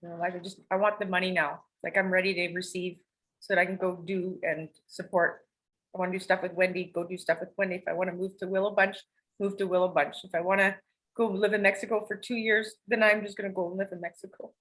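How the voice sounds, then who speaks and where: A fast-talking woman with a lowish, somewhat bright voice and little pitch movement tells personal stories as a podcast guest. It's candid storytelling: rambling, emotional, confessional, with casual swearing. The audio quality is rough.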